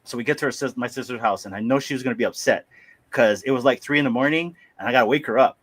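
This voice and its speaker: A man tells a long story on a livestream. His voice is bright and forward. He talks in a lively way, laughs often and slips into other people's voices as he goes. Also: medium pitch, very fast. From Hawaii. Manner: animated, laughing, acts out voices. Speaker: livestream host. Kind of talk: casual storytelling.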